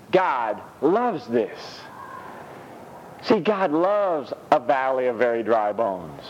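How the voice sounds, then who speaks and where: A man preaching a sermon in a church, reading scripture with animated, rising delivery. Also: slow, highs cut off, a little hiss or hum. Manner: animated, rises high when reading scripture.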